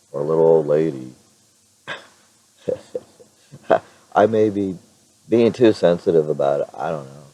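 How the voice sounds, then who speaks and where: A middle-aged man chatting in a casual vlog with a hoarse, raspy voice, rambling with many fillers and restarts. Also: extremely low pitch, dark tone, no room sound, poor audio. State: clears throat now and then. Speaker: vlogger.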